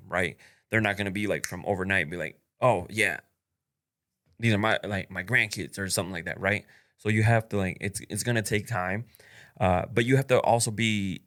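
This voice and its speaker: A young man with a fairly low voice hosts his own podcast and talks straight to the listener. He is blunt and swears freely, laughs between his points, and fills his sentences with "like" and "uh". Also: fairly bright tone. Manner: blunt and profane, laughs often, many fillers. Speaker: podcast host. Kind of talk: casual solo podcast monologue.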